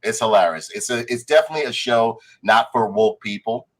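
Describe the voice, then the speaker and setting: A man's voice: fairly low pitch, a little fast, crowd noise, low-quality recording. A man co-hosting a casual pop-culture podcast, retelling a show scene by scene and acting out the characters' lines, swearing freely. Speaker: podcast co-host. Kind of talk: casual chat reviewing a show.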